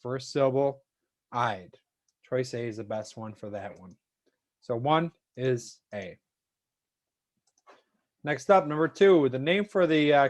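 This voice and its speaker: A man teaching a chemistry lesson to an online class, talking casually and thanking students by name. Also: medium pitch.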